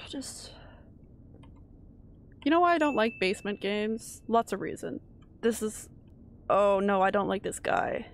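A woman's voice: medium pitch, animated, slow pace, pauses often, a little hiss or hum. A woman streamer chatting casually while she plays a game, jumpy and chatty, swearing when startled. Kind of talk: casual live-stream gameplay chat.

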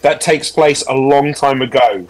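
A man's voice: mid-range voice, unhurried, a crowd in the background. A man chatting casually with friends over a game, teasing and swearing casually. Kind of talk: casual gaming chat with friends.

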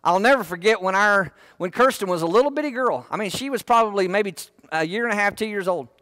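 A man's voice: high voice, fast, a bit bright, dry recording. A man preaching a sermon in church, folksy and full of joking asides. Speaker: pastor.

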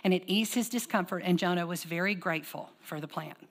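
A woman pastor preaching a sermon, telling stories with lively call-and-response. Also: on the low side, fast, big-room sound. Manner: animated storytelling with call-and-response. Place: church sanctuary.

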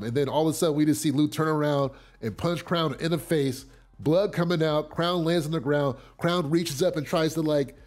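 A man casually recapping a TV episode in a chatty way, with fillers and repeated starts, getting loud and excited at big moments. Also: on the high side, moderate pace.

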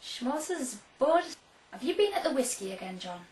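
A woman's voice: medium pitch, sing-song, quick pace, a little mellow, roomy sound, distant mic, slight background noise, poor audio. A woman co-hosting a mock awards preview, teasing her partner with dry sarcasm. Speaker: co-host of a video preview.

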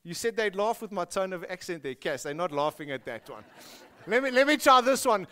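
Emphatic South African preacher man. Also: a little fast. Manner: animated, emphatic, dropping low for emphasis. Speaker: pastor. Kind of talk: sermon.

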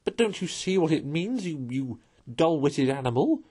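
Man voicing an excitable male water rat, storybook reading, brisk, emphatic, husky, very lively pitch. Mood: impatient.

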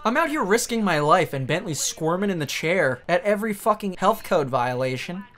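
Excitable swearing man playing a video game. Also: sits high, moderate pace. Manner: excitable, swearing, joking at the screen. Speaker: let's play streamer. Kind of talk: profane gaming commentary.

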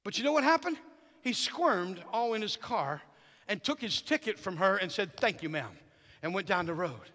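A middle-aged man preaching as a guest in a church, telling stories with animated energy that builds to fervent shouting. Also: sits high, normal speed. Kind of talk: sermon. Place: church sanctuary. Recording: reverberant church hall.

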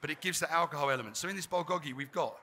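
A man chats through a cooking demo on a trade fair stage, joking at his own expense as he goes. His voice is strikingly bright and forceful, pitched a little high. Faint ambient noise sits behind him. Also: racing. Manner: chatty, joking, self-deprecating. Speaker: chef giving a cooking demonstration. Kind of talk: live cooking demo talk.

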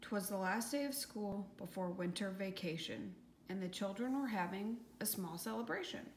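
A woman with a mid-range voice and lively intonation reads at normal speed. She's an audiobook narrator giving a rhyming children's story a lilting, sing-song treatment, and the echoey room carries a faint hiss.

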